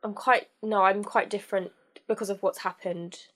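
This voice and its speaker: A young woman telling a personal story as a podcast guest, candid and halting, with many fillers and restarts. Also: mid-range voice, steady tone, fairly bright tone.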